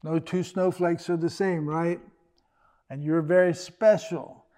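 A man's voice: a little high, fairly even intonation, unhurried, warm tone. An older man preaching a sermon as pastor, in a conversational style with joking asides.

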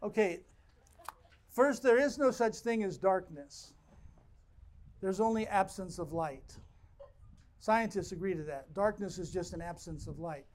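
A man preaching a sermon as pastor, reading scripture and explaining it with animated asides to his congregation. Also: high-pitched, unhurried, pauses often.

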